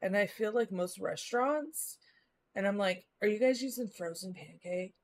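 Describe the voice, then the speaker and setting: A woman's voice: mid-range voice, animated, moderate pace. A woman from the Midwest, chatting casually with her live-stream viewers as she rambles along, using lots of filler words. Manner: rambling, many filler likes.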